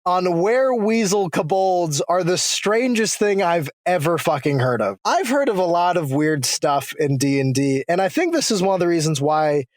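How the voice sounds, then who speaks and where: A man co-hosting a podcast in casual chat, excitable and swearing freely, his pitch leaping up and down. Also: moderate pace, few pauses. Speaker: podcast co-host.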